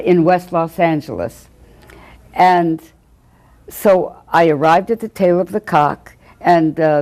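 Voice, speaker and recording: Older woman, interview recollection, low warm voice, chatty storyteller. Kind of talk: archival interview anecdote.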